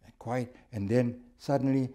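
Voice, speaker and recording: A man from South Africa leads a church Bible lesson in a mellow, dark-toned voice at a middle pitch. He talks in a loose, conversational way, stopping and repeating words as he tells his stories. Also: fairly even intonation, moderate pace. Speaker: Sabbath school teacher.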